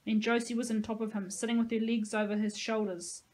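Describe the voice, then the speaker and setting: A woman's voice: on the high side, a little fast, low-quality recording. Woman reading a novel aloud expressively. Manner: expressive, dramatic storytelling. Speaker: teacher.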